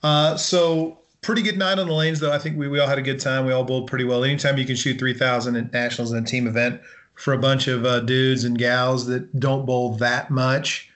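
A man's voice: medium pitch, steady tone, a little fast, a bit bright. A man co-hosting a podcast in easygoing casual chat, often laughing. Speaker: podcast co-host.

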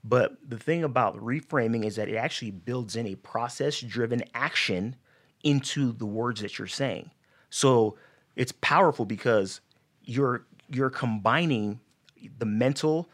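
A man's voice: mid-range voice, a little slow. A man on a podcast explaining mental reframing for athletes, talking casually and acting out players' inner voices. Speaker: sports psychology guest.

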